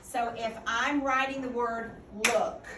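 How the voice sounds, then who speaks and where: Woman teacher, unhurried classroom drills, recorded from across a noisy, echoey room. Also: on the high side, steady tone. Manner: patient, questioning, drills answers back. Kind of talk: classroom phonics lesson. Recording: echoey classroom from a distant mic with noise.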